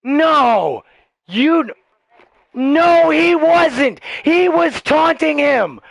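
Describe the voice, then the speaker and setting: A man with a very high, gravelly voice rants and swears at another player in game voice chat. He talks into a headset mic, and the sound is close and dry. His delivery is heated and often breaks into shouting. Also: animated, extremely slow, no room sound. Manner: ranting, profane, shouting. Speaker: gaming streamer, military veteran. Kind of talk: heated voice-chat argument while gaming.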